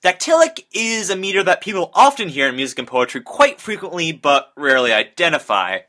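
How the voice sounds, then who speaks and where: Young man reading a lively class presentation. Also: a little high, a little fast. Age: young adult. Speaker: student presenter. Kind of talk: read school presentation.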